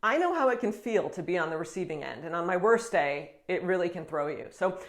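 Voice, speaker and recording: An American woman talking casually to camera as a vlogger, chatty and animated, with frequent quick laughs. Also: fairly low pitch. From United States.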